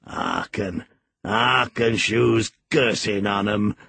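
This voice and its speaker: A man voicing an old grumbling male farm servant, shrill and excitable. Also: slow, gravelly, breathy edge, dry recording, exaggerated voice.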